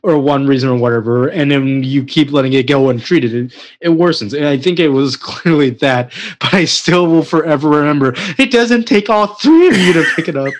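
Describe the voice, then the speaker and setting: A man's voice: a little high, a little fast, hardly any pauses. A man in a casual podcast chat about a film, blunt and profane, laughing as he talks. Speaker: podcast co-host.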